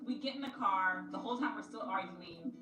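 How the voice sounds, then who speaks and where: A woman's voice: medium pitch, a little fast. Chatty woman telling a story, far and roomy. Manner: chatty and animated, many "like" fillers. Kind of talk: casual storytime. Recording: roomy, distant clip with music under it.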